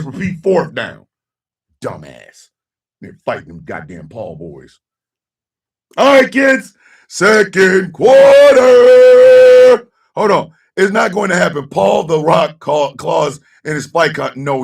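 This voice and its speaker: A man rants on his talk show and curses freely, going from shouted outbursts to low grumbles. His voice is somewhat high and gravelly, with a wide, jumpy pitch. He sits away from the microphone. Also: huge pitch swings, a little slow, recorded from a distance. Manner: profane, shouting, swings between yelling and muttering. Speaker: host. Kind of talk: loud rant on a casual talk show.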